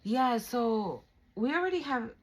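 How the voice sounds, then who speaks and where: A woman's voice: a little high, expressive, measured pace, low-quality recording. A young adult woman giving a casual spiritual card reading, chatty and affirming, with fillers and swearing. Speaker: tarot reader.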